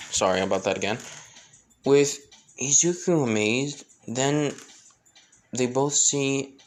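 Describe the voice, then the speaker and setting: A man narrating a homemade fan story in a loose, rambling way. He stumbles, restarts and adds asides, with a mid-pitched everyday voice. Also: takes it slowly, long pauses. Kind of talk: casual unscripted storytelling.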